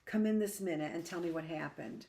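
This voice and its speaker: A woman's voice: lowish voice, a little fast, vocal fry, dark tone. A woman reading aloud as an elderly woman who fusses in a kindly, motherly, scolding way.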